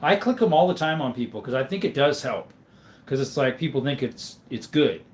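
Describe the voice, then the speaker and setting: A man from Arizona talks loosely with his live chat, filling gaps with ums. His throat sounds rough and dry, and he speaks into a phone camera set on a stand. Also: mid-range voice, lively intonation, a little fast. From Arizona, USA. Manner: rambling, with many ums and laughs. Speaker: livestream host. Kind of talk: casual livestream chat, answering viewer comments.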